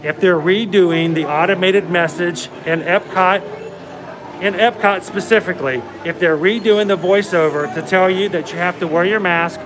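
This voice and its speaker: A man's voice: sits high, normal speed, crowd noise. Playful man co-hosting a park stream. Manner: joking, playful, laughs often. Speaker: livestream co-host. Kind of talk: casual chat while walking a theme park. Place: outdoor theme park.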